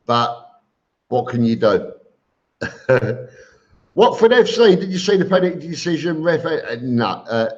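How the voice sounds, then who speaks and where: A man hosting a casual live stream, reading viewer comments aloud and answering them with chuckles. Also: mid-range voice. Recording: dull lo-fi stream audio.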